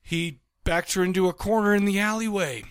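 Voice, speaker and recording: High-voiced man telling crude stories. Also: fairly quick, clear, resonant tone, no room sound, clean studio sound. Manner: animated storytelling, crude jokes. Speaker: podcast co-host. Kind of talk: casual film chat.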